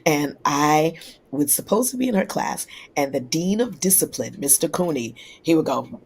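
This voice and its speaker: A singer from New York City, a woman, telling lively stories in a casual interview and acting out the people she quotes. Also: sits low, moderate pace, breathy edge. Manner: lively anecdotes, acts out quoted voices. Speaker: singer guest.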